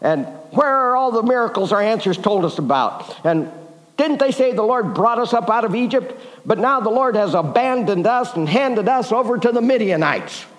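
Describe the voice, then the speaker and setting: A man's voice: high voice, animated, moderate pace, pitched above the performer's own voice. A preacher voicing a despairing young man who complains and pleads. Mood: pleading. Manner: whining, pleading. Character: grumbling young man, despairing and self-pitying. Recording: long hall reverb.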